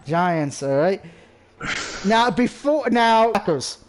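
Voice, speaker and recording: A man's voice: high-pitched, lively intonation, takes it slowly, noisy background. A man hosting a casual sports picks stream, joking, laughing often and swearing. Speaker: host.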